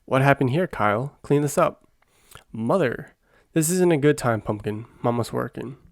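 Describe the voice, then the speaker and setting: A man voicing a bossy, scheming female fairy godmother in a whispered role-play, with a brisk, condescending manner. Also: mid-range voice, animated, gravelly, no echo, studio quality.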